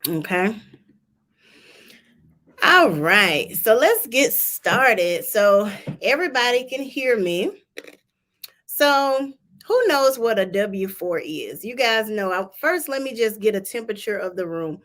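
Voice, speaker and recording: A woman with a Georgia Southern accent, a tax specialist teaching a live-streamed tutorial, talking slowly and deliberately in a chatty, direct way. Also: medium pitch, animated, a bit bright.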